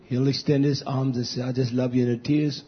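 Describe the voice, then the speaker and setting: Husky preacher man, dull lo-fi sermon. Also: level tone, a little fast. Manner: emphatic, repetitive preaching that rises to loud high peaks. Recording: dull lo-fi recording.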